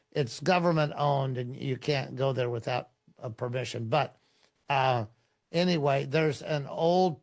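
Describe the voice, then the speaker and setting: A middle-aged man, a pastor, telling stories in a relaxed, rambling way, with many fillers and restarts. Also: mid-range voice. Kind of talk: conversational storytelling in a podcast interview.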